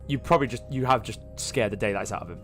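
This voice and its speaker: A man narrating a tabletop game as game master, halting often and restarting his sentences. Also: lowish voice, a bit bright, faint music behind. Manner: halting, full of fillers and restarts.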